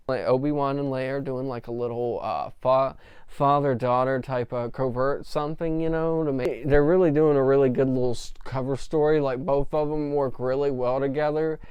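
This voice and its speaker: Male reviewer, casual rambling recap, smooth and fairly high, dry close mic. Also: steady tone, normal speed, darkish tone, no echo. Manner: rambling, many fillers. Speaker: film reviewer.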